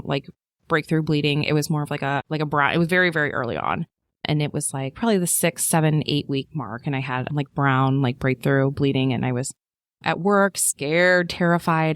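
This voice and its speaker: A woman in her thirties, a podcast guest telling her birth story in a chatty way, with lots of fillers and lively quoting of people. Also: low voice, no echo, clean studio sound. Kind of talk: casual chat.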